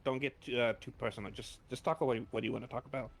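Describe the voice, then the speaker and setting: A man's voice: mid-range voice, fairly even intonation, quick pace, vocal fry. A man joining a stream as a guest, chatting casually in a supportive, wryly joking way. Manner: supportive, wry, gently joking. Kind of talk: casual chat.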